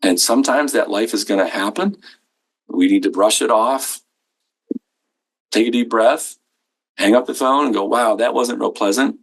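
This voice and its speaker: A man's voice: on the low side, normal speed, pauses often. A middle-aged man leading a healthcare billing training session, folksy and fond of acting out quoted conversations. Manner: folksy, acts out quoted exchanges. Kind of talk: live training talk to staff.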